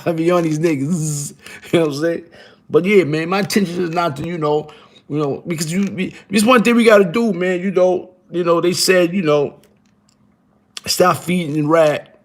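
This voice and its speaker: This middle-aged live-show guest talks at a moderate pace in a fairly high voice, looping back over the same points. His casual chatter is full of streetwise slang and swearing, delivered emphatically, with "you heard?" thrown in again and again.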